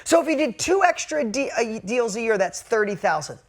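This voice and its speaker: A man giving a motivational talk to a group, telling stories bluntly and casually, dropping to a hush and then rising loud and high when excited. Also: a little fast. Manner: emphatic storytelling, casual and blunt. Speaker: motivational speaker.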